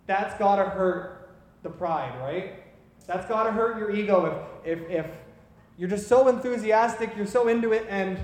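A man's voice: sits high, moderate pace, darkish tone, roomy sound, in a large hall. A man preaching a sermon, retelling stories in an earnest, conversational way.

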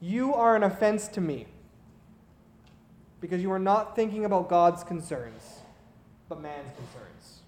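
A man's voice: high-pitched, lively intonation, unhurried, long pauses, a little mellow, roomy sound, big-room sound, a little hiss or hum. A man voicing a stern male teacher who firmly rebukes his follower, within a sermon. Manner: firm, rebuking.

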